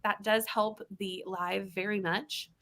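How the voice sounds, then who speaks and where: A woman's voice: medium pitch, steady tone, slow pace, gravelly, a bit bright. A young woman co-hosting a reading livestream, chatting casually and laughing often. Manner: chatty, laughs often, interrupted by her child. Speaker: readathon livestream co-host.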